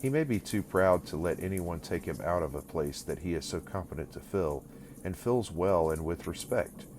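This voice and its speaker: A man voicing a plain, earnest young village woman who speaks steadily and quietly reproaches. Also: sits low, animated, normal speed, a little hiss or hum. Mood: steady.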